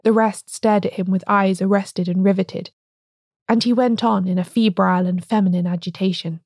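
A woman narrating a story aloud in an even, measured reading. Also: medium pitch, dry recording, clean studio sound. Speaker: audiobook reader. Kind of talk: scripted narration.

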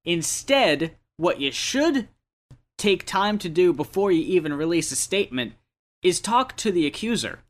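A man co-hosting a podcast in casual chat, talking in a measured, thoughtful way. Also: high-pitched, very animated. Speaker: podcast co-host.

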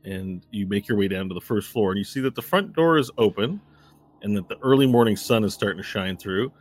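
Low-key male game master. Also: brisk. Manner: relaxed, conversational, low-key. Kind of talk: narrating a tabletop game.

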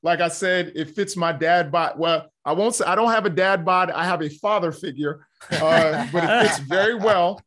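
A man's voice: high-pitched, moderate pace, fairly bright tone. A male talk show co-host who is a little out of breath, chatting casually and then asking long interview questions.

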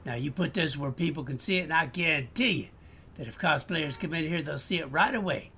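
A man's voice: lively intonation, a little fast, sharp tone, slight background noise. A man with a Boston accent playing an upbeat customer trying to sell a clock. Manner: salesy, upbeat pitching. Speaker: customer selling items.

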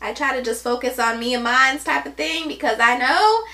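A woman's voice: sits high, normal speed, sharp tone. A young adult woman co-hosting a podcast, frank and opinionated in casual chat. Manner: frank and opinionated, plays devil's advocate. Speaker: podcast co-host.

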